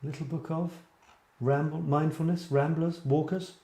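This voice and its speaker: A man's voice: a little high, steady tone, measured pace, dark tone, roomy sound. A middle-aged man from Scotland hosting a creative writing show, chatting casually and rambling as he answers viewers. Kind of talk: casual live-stream chat.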